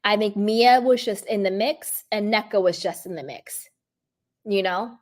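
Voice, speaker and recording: A woman's voice: mid-range voice, measured pace. A woman giving casual, emphatic commentary on a reality show, full of "like" and "you know".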